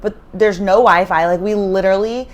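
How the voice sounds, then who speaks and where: A woman's voice: medium pitch, steady tone, normal speed. A woman co-hosting a podcast in casual chat, talking loosely with lots of "like" and casual swearing, recorded in a hotel room while feeling sick. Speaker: podcast co-host.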